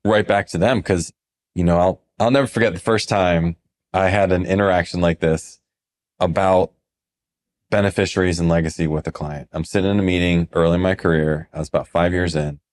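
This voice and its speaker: A financial advisor with a deep voice and brisk delivery tells stories on a casual podcast. He animates them by acting out what his clients said.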